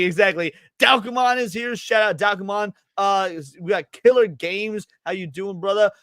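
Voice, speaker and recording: A man hosting a casual livestream podcast, energetic and chatty, reading out names from the chat. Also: high voice, normal speed, few pauses, no room sound, studio quality. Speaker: podcast host.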